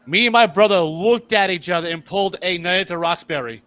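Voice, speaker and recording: A man's voice: sits high, quick pace, fairly bright tone. Crude, laughing man telling family stories. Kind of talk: casual chat.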